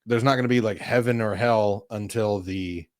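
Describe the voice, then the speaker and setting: A man's voice: lowish voice, moderate pace, no echo, clean studio sound. A man co-hosting a casual religious conversation, chatty with frequent laughs and fillers. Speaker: podcast co-host.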